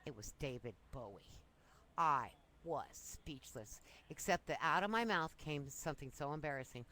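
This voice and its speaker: A woman's voice: low-pitched, animated, normal speed, bright, forceful tone, low-quality recording. Chatty woman telling wild stories. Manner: chatty, breezy, self-amused anecdotes. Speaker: storyteller. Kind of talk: casual personal storytelling.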